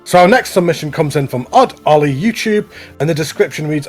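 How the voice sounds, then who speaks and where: Man, co-host, husky voice, upbeat chatty praise, faint music behind. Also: fairly high pitch, expressive, fairly quick, few pauses. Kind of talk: casual chat commentary on contest entries.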